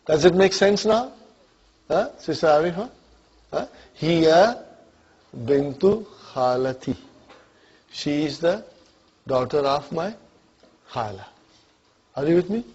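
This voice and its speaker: A man's voice: fairly high pitch, expressive, slow pace, long pauses, darkish tone, husky, dull audio. A man teaching an Arabic grammar class, often asking whether students follow and calling on them by name. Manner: checks understanding often, calls on students by name.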